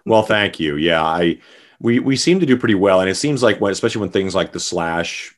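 Super low voiced middle-aged guy from canada, rambly musician in an interview. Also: fairly quick. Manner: rambling, many fillers and restarts. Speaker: guest musician. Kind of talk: casual interview chat.

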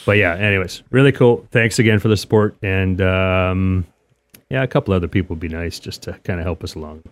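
A man co-hosting a casual podcast, easygoing and halting, often repeating his words. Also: sits low, fairly even intonation, no echo. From Canada. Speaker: podcast co-host.

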